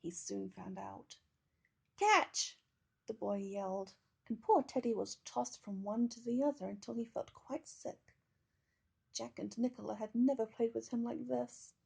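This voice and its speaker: Husky, dark-toned woman reading a storybook. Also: fairly high pitch, steady tone. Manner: gentle, measured storytelling. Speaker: storybook reader. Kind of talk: reading a children's picture book aloud.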